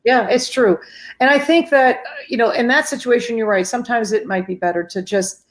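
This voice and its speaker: A woman's voice: fairly high pitch, brisk. A middle-aged woman hosting a casual live-stream chat, earnest and speaking directly to her viewers. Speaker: host.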